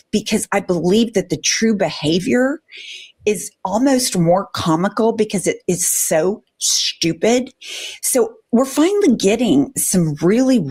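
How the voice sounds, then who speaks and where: Incredulous husky-voiced woman co-host. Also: medium pitch, darkish tone. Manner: incredulous, emphatic, rising disbelief. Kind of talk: political commentary.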